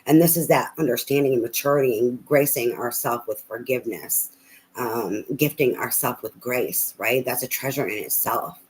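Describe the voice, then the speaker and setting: A woman's voice: a bass voice, normal speed, a little hiss or hum, rough recording. A woman tarot reader on a live reading, talking bluntly and profanely in a rambling, ranting way with many fillers.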